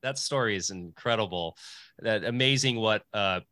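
Male co-host, bright forceful voice, dry close sound, earnest and rambling. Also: fairly low pitch, moderate pace, dry recording. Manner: earnest, filler-heavy, emotional. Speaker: podcast co-host. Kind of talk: casual interview talk.

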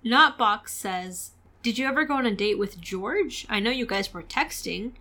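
A woman's voice: on the high side, animated, normal speed, sharp tone. Giggly woman podcast co-host. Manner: giggly, chatty, laughs often. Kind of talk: casual podcast chat.

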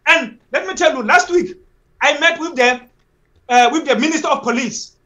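High, bright-voiced man, urgent. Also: normal speed. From South Africa. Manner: urgent and repetitive, restarting phrases, pleading tone. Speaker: activist guest. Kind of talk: impassioned interview on a live stream.

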